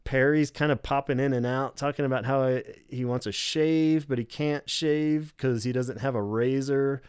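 A man's voice: mid-range voice, fairly even intonation, normal speed, a little mellow, clear, resonant tone, no room sound, clean studio sound. A man co-hosting a podcast in casual chat, rambling and swearing, with lots of filler "like". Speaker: podcast co-host.

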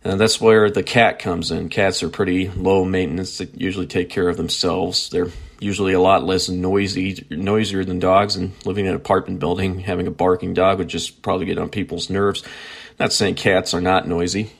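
Rambling low-voiced male podcast host. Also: level tone, moderate pace, vocal fry, slightly rough. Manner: rambling, self-correcting, chatty. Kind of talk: casual chat.

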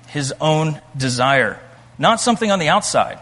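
A man preaching a sermon as a pastor, earnest, slowing down for emphasis and reading scripture aloud with rising intensity. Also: fairly high pitch, animated, fairly bright tone. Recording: long reverb from a large room.

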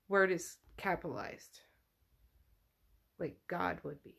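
Chatty woman podcast host, slow-spoken. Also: a little high, a bit bright. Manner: chatty, peppered with "like". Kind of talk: casual retelling of a novel.

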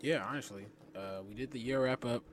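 A man's voice: medium pitch, brisk. A young man co-hosting a podcast in casual chat, teasing his partner with dry remarks. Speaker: podcast co-host. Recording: faint background noise.

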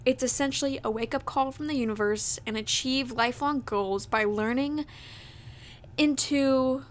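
A young adult woman hosting a podcast, telling a personal story in a chatty, casual way, full of fillers. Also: a little high. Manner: chatty, leans on fillers like "like" and "that type of deal". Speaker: podcast host.

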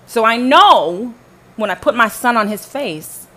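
A woman's voice: on the high side, lively intonation, measured pace, sharp tone. Profane, heated woman. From Southern United States. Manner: profane, confrontational, addresses listeners directly. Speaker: podcast host telling her own story. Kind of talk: angry personal monologue.

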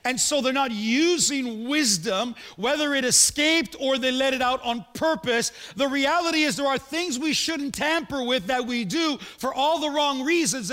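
A man's voice: very high-pitched, sharp tone, long reverb tail. A man preaching a sermon as pastor, talking conversationally and asking rhetorical questions.

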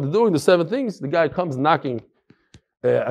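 Brief: male Torah teacher, fairly high voice, lively storyteller who repeats phrases to drive a point home. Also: fairly quick, gravelly, slightly rough. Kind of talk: Talmud class with stories.

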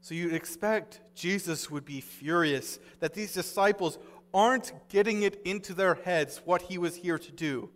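A man's voice: sits high, normal speed, a bit bright, long reverb tail. A man pastor giving a sermon, earnest and conversational as he retells scripture in everyday words.

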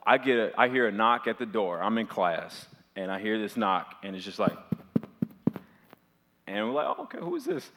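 Young male pastor, twenties, casual storytelling sermon, filler-heavy chatty delivery, bright tone, long hall reverb. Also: lowish voice, moderate pace, long pauses. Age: 20s. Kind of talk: storytelling sermon to a live audience.

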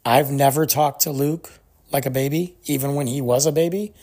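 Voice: medium pitch, moderate pace, mellow. A podcast host telling stories in a solo monologue, ranting with animation and acting out the people quoted along the way. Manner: acts out quoted people mid-story.

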